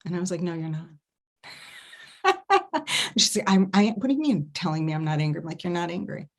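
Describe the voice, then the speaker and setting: A woman giving an online festival talk as an intimacy coach, expressive, humming and acting out little sounds to demonstrate her points. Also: on the low side, fairly quick. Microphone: online video talk.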